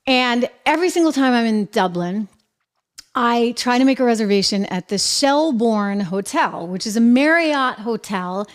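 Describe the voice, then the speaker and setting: Chatty upbeat woman hosting a show. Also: medium pitch. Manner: chatty, upbeat, lively asides. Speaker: show host. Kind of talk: casual monologue to camera.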